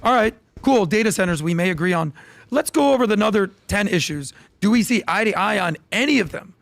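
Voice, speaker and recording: A man's voice: high voice, lively intonation, fast talker, gravelly, fairly bright tone, dry recording. A man on a podcast panel arguing politics emphatically, asking rhetorical questions and talking over the others. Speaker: podcast guest.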